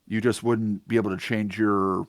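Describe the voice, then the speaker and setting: A man running a tabletop space game as game master, explaining rules in a relaxed, matter-of-fact way. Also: fairly low pitch, normal speed, dry recording, studio quality.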